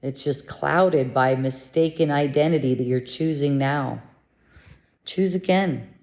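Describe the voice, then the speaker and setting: A woman giving a gentle, meditative spiritual lesson, speaking in a soothing, unhurried way. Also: low voice. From living in Mexico. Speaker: spiritual teacher.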